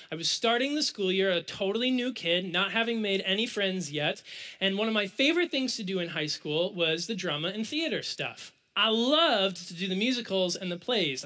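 A young man giving a sermon, telling a personal story with big swings from excited shouts to hushed, quiet asides. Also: sits high.

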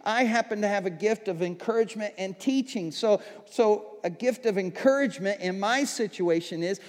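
Pastor, male, high voice, chatty sermon delivery that swells to fervent shouts, church hall with long reverb. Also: normal speed. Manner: conversational, builds to fervent shouting. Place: church auditorium.

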